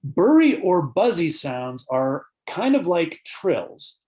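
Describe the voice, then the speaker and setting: A man's voice: on the high side, big pitch swings, takes it slowly, dark tone. Man giving an online birding lecture. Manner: explanatory, answers audience questions between points, frequent "uh" fillers. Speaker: birding author and presenter.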